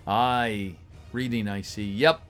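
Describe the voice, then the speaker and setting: A man's voice: lowish voice, steady tone, slow, a bit bright, soft background music. A man chatting casually with his livestream viewers, reading their messages aloud and greeting them, his voice a little tired. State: voice getting tired. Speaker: voice actor reading a script on a livestream.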